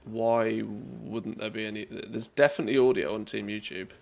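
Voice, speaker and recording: A man's voice: fairly low pitch, fairly even intonation, normal speed, creaky. A man streaming live, talking casually and rambling, restarting his thoughts mid-sentence.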